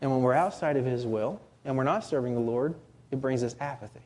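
A man's voice: mid-range voice, fairly quick, a little mellow, a little hiss or hum. A man preaching a sermon, earnest and building to emphatic rhetorical questions.

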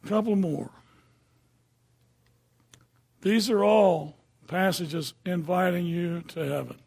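A man's voice: high voice, a little slow, creaky, a little mellow, slightly rough. An older man preaching a sermon in a folksy, conversational way, often checking in with his listeners.

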